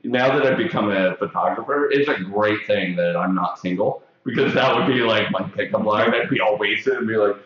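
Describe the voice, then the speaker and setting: A man's voice: on the low side, fairly quick, few pauses, a bit bright. A man hosting a live haircutting stream, chatting and joking with many fillers as he works. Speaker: hairstylist host of a live haircutting show. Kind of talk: casual chat during a live stream. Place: hair salon classroom. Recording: very echoey room, dull sound.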